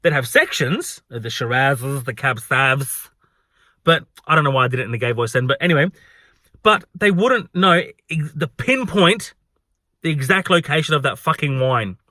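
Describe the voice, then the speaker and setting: A man ranting through a storytime vlog about a rude customer, animated and swearing freely. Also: fairly high pitch, normal speed, no room sound, clean studio sound. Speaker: hospitality worker vlogger.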